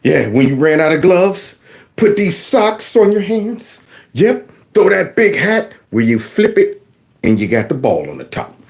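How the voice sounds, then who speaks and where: A man's voice: on the high side, unhurried, creaky. A man, a former teacher, hosting his own channel in a casual, folksy rant that slips into acted-out voices. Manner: animated, folksy, acts out voices. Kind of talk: casual ranting video commentary.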